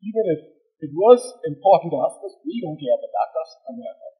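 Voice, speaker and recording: A man's voice: fairly high pitch, lively intonation, quick pace, slightly rough, narrow, tinny audio, soft background music. A man from the Bahamas hosting a casual interview, rambling and restarting his questions, then joking with his guest. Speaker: host.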